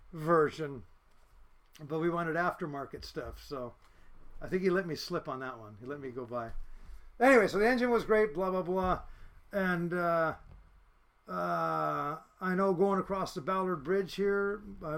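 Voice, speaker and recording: A man's voice: a little high, fairly bright tone. A man in his fifties from the United States, a fishing boat captain telling blunt, salty, rambling stories as a podcast guest. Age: 50s. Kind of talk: casual storytelling.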